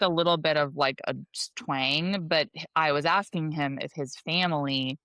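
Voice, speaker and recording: A woman with a low voice co-hosts a podcast in loose, chatty talk. She tells stories with self-deprecating humor. The sound is dry and close on a studio mic. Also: moderate pace, fairly bright tone, smooth, no room sound. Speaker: podcast co-host. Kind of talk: casual chat.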